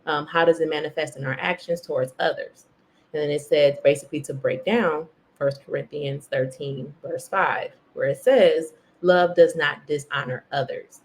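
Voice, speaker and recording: A woman's voice: low voice, fairly even intonation, normal speed. A woman hosting a faith podcast, chatting casually and self-mockingly while reading from a devotional. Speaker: podcast host.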